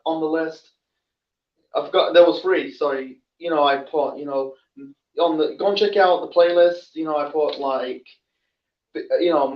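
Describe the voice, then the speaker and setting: Guy rambling about wrestling, lots of ums and restarts, sounds far from the mic, muffled. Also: fairly high pitch. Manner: halting, many fillers and restarts. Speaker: wrestling show host. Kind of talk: casual solo commentary. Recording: distant, echoey, dull lo-fi audio.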